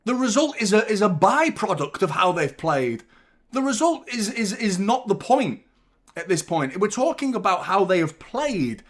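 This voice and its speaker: A man's voice: high voice, very animated, normal speed, a bit bright. A young man hosting a live football watchalong, ranting and swearing constantly in exasperation. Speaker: fan channel host.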